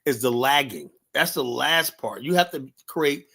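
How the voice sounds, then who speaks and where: A man hosting an online panel, calming guests and asking questions in a relaxed way. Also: medium pitch, unhurried, husky. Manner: calming, conversational, asks questions. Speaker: panel host.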